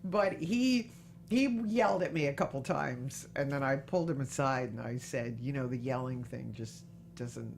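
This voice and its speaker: A woman hosting a podcast interview, chatting casually and telling animated stories. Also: very deep voice, moderate pace, vocal fry. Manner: chatty, animated storytelling with impressions. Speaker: podcast host.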